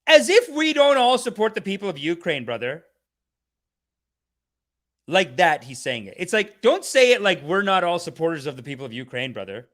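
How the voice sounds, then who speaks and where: Man, comedic rant host, sarcastic, preachy mock-guru manner, bright voice, very lively pitch. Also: moderate pace.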